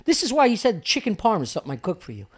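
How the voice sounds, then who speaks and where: A man's voice: high-pitched, wildly swooping pitch, racing, slightly rough. A man co-hosting a podcast in casual chat, brash and profane, teasing his friends. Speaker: podcast co-host.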